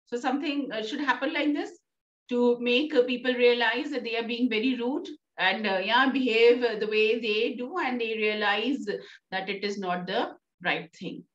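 A woman's voice: a little high, normal speed, a bit bright. Indian English woman teacher, roomy sound. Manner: coaxing, checks with "right?" often. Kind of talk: classroom lesson explaining a play. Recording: distant, roomy, dull sound.

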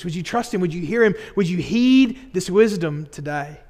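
High-voiced pastor preaching in a reverberant church. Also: male voice, expressive, darkish tone. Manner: earnest preaching with quick acted asides. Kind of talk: sermon. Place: church sanctuary. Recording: long hall reverb.

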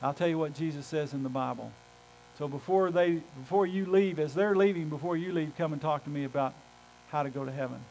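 A pastor preaching a sermon to his congregation in church. He talks with emphasis, moving between loud calls and hushed, low phrases. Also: fairly quick, slight background noise, low-quality recording. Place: church sanctuary.

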